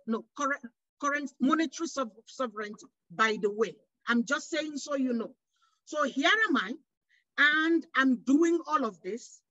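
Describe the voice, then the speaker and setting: A woman's voice: high-pitched, fairly bright tone, dry recording, dull audio. A woman from West Africa speaking on a panel, passionate, full of rhetorical questions and restarts. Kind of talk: panel discussion.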